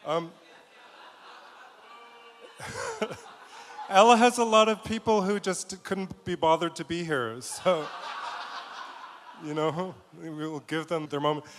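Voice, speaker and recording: Man, roast host, higher voice, teasing, chuckling, long hall reverb, faint hiss. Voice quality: teasing, chuckling between lines. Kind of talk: live emcee banter. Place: live event venue.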